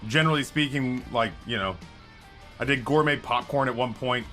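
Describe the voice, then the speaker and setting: A man's voice: mid-range voice, moderate pace. Rambling man streaming, music behind. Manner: rambling, self-correcting, chatty. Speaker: game streamer. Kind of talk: casual live-stream chat. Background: background music.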